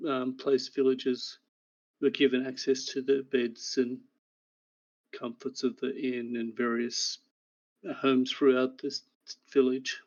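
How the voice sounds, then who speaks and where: Male game master, unhurried even recap narration, flat intonation. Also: mid-range voice, lo-fi sound. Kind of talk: recapping a tabletop game session.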